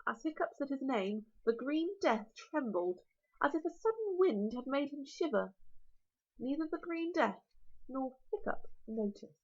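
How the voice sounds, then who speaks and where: A woman teacher with a British accent reading a children's novel aloud, with expressive, animated storytelling. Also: high-pitched, a little slow. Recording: lo-fi recording.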